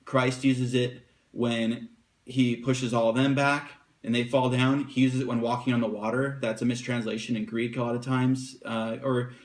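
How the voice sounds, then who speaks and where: Guy casually teaching bible stuff, mid pitch, lots of ums, reads verses slow. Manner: relaxed, unscripted explaining with fillers, slows down to read verses aloud.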